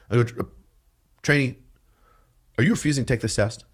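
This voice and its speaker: A man telling stories on a podcast as a guest, animated and profane, with loud outbursts when he quotes other people. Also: mid-range voice, fast talker, long pauses, husky. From New York. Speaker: podcast guest, police detective and drill sergeant. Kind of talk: casual storytelling.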